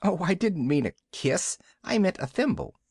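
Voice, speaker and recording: A man's voice: sits high, big pitch swings, normal speed, creaky, darkish tone, breathy edge, dry recording, studio quality, voice pushed up, heavily acted. A man voicing a prim, motherly little girl in a bedtime story. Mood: flustered.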